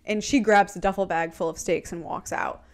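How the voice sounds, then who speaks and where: A woman's voice: lowish voice, steady tone, normal speed. A woman co-hosting a podcast, casually recapping a TV episode and retelling the scenes with quoted lines and frequent laughter. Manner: retells scenes quoting characters, laughs often.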